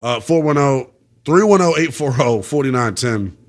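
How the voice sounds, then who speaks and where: A young man hosting a call-in sports radio show, ranting in a slangy, animated way. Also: mid-range voice, a little slow. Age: young adult.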